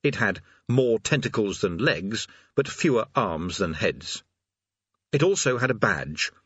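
A male narrator tells a comic fantasy tale with dry wit. His husky voice rises and falls in a lively way, heard close and dry on a slightly dull, lo-fi recording. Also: fairly low pitch, measured pace, dry recording. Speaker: audiobook narrator.

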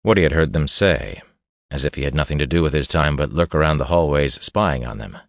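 Super deep male voice reading a fantasy audiobook, dry close mic. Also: fairly quick, no echo. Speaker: audiobook narrator. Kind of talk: scripted fantasy narration.

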